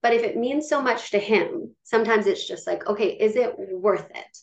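A woman hosts a podcast, backing her guest with short affirming replies before giving her own take. The sound is somewhat muffled and dull, and her pitch sits mid-range. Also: normal speed. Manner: affirming, gives frequent short backchannel replies. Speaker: podcast host. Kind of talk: casual podcast interview.

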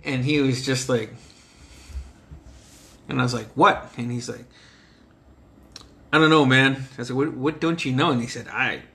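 Speaking at a normal speed with long pauses, a man of medium pitch and a pushed, bright tone shares profane tales of growing up on a reservation in the United States. As the guest in this casual storytelling chat, he laughs and acts out what people said.

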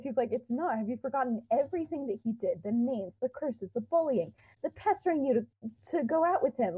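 A woman's voice: fairly high pitch, lively intonation, fairly quick, dark tone, breathy edge, rough recording. A young woman co-hosting a podcast, casually retelling a fan-fiction story with quoted dialogue, lots of fillers and giggles.

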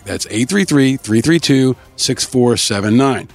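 A man hosting a podcast, upbeat as he reads out shout-outs and thanks to listeners in a casual scripted way. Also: medium pitch, a little fast, hardly any pauses, soft background music. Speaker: podcast host.

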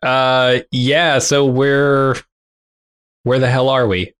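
A man's voice: mid-range voice, level tone, slow, a bit bright, smooth. A man co-hosting a podcast, casually summarizing plot points in a plain, blunt way. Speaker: podcast co-host. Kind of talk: casual TV recap chat.

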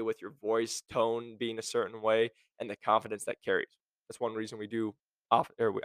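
A man hosting a podcast, coaching listeners on sales careers in a direct, energetic way, firing off rhetorical questions and acting out quotes. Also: medium pitch, no room sound. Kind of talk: motivational podcast monologue.

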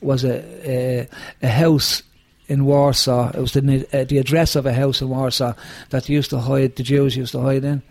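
A musician with a Dublin accent speaks in a gravelly, creaky voice. He tells stories in a casual, profane and animated way, often leaning on "you know" and "right?". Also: mid-range voice, normal speed, hardly any pauses. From Ireland, Dublin. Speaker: musician guest. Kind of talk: casual conversation, storytelling.

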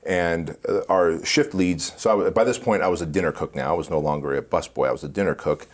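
A man guest in an interview, telling animated stories and laughing often. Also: sits low, quick pace. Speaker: podcast guest. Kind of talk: casual storytelling interview.

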